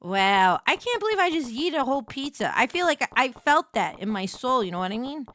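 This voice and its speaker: Excitable and prone to shouting when flustered, this young woman streams games while talking to herself in casual commentary. She has a high-pitched voice and speaks fairly quickly.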